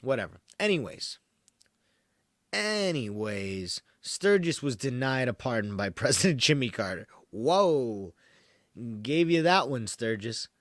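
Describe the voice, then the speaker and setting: A man's voice: mid-range voice, sing-song, a little slow, no echo, studio quality. A man hosting a podcast, reading from an article and breaking off into rambling, wry asides with lots of fillers and laughs. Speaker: podcast host. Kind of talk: casual commentary while reading from an article.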